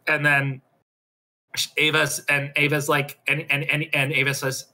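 A man with a bright, forward voice that sits slightly high recaps a role-play story on a voice call. He talks casually and haltingly, filling the gaps with ums and starting over. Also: completely flat delivery. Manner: hesitant, full of ums and restarts. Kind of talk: casual retelling over voice chat. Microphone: computer mic on a voice call.

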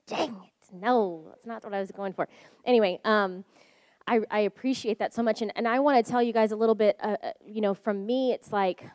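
A woman's voice: mid-range voice, darkish tone, no room sound. Chatty woman speaking to a gathering. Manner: chatty, self-deprecating, hesitant restarts. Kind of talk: casual talk to a live audience.

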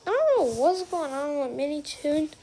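A woman's voice: high-pitched, big pitch swings, moderate pace, warm tone, slight background noise, low-quality recording. A woman narrating a recorded voice-over of her gameplay in a rambling, chatty way that turns annoyed easily. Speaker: gameplay commentator.

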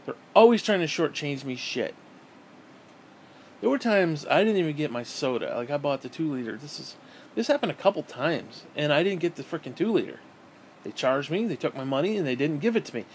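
A man's voice: fairly high pitch, animated, brisk, slight background noise. A middle-aged man ranting casually to his viewers, frustrated and swearing, rambling with frequent restarts. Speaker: vlogger. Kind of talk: casual rant to camera. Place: home.

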